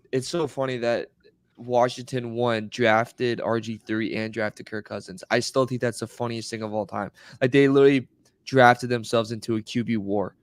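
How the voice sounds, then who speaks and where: Smooth-voiced podcast host. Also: male voice, mid-range voice, no room sound, clean studio sound. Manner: leads the topics, laughs easily. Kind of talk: casual sports chat.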